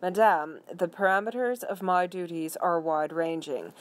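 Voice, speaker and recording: A prim, stiffly polite gentleman's gentleman from a storybook, speaking in long, ornate sentences, as a woman reader puts him on. The voice sits fairly low for a woman. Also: moderate pace, lightly acted. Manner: ornate, overly formal phrasing. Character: formal elderly English butler, man, stiffly polite. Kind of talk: storybook read-aloud.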